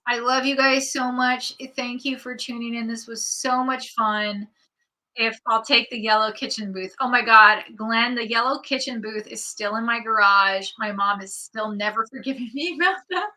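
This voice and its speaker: A woman's voice: on the high side, bright, forceful tone, poor audio. A woman hosting a casual livestream, chatting and giggling as she reads out viewer comments and answers them. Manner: giggly, rambling with many likes. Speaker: streamer hosting a live chat.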